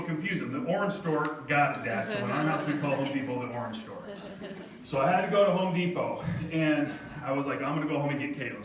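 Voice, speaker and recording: A middle-aged man speaks to a crowd in a mid-range voice, heartfelt and a little self-deprecating, sometimes close to tears. The sound is distant and boomy, as if caught from across a big echoey hall. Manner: heartfelt, self-deprecating, quoting his daughter. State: near tears at moments. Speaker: speaker telling a family story to an audience. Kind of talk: storytelling talk.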